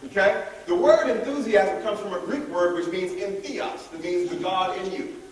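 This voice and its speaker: A man giving a lively motivational leadership workshop, rallying the audience to join in. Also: high voice, normal speed, recorded from a distance, a little hiss or hum. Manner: energetic, calls on the audience to join in. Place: large echoey room at a college event. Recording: echoey room, voice heard from afar.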